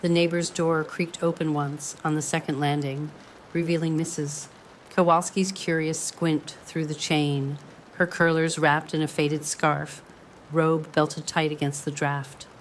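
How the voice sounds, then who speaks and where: A woman reading a dramatic story in a measured, ornate storytelling manner. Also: deep voice, little pitch movement, a little hiss or hum. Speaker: narrator. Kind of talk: scripted drama narration.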